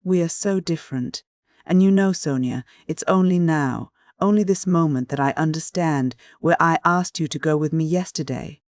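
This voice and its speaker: An audiobook reader gives voice to a tormented young man confessing in anguish, his dialogue pleading and despairing. The mid-range voice moves at normal speed with light acting, captured in a dry, close recording.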